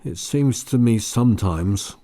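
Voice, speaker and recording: A man reading the part of an anguished husband haunted by guilt, speaking low, desperate and bitter. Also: expressive, unhurried, mellow, dry recording, studio quality, lightly acted.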